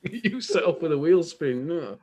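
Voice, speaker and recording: A man's voice: a little high, lively intonation, measured pace, darkish tone. A man, co-hosting a casual chat, laid-back and recounting details with chuckles. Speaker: podcast co-host.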